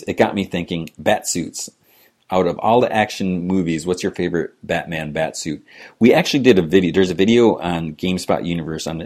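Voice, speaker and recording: A man's voice: sits low, darkish tone. A man hosting a podcast alone, chatting casually and reading listener emails, rambling with lots of fillers. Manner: rambling, frequent "you know" fillers, chuckles. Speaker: podcast host.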